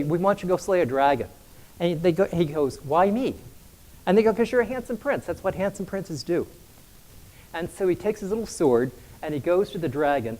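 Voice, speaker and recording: A man's voice: on the high side, a little mellow, low-quality recording. A man giving a stage presentation with slides, telling stories to his audience. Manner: storytelling, asks for next slide. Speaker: conference presenter.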